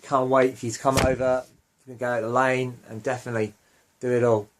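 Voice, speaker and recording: A man's voice: medium pitch, little pitch movement, fast. A young man hosting a fan podcast, rambling casually with lots of fillers and self-corrections. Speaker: podcast host.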